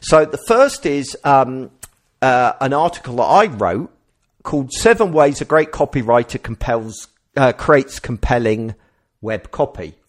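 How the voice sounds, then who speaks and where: A man with a mid-range voice hosts a casual podcast chat at an unhurried pace. His delivery is lively, and he rambles and corrects himself as he goes.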